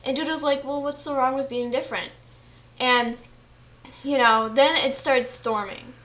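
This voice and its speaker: This student vlogger has a high, pushed, bright voice with a steady tone and an unhurried pace. The young woman chats her way through a story she read, using lots of fillers and performing the quoted lines.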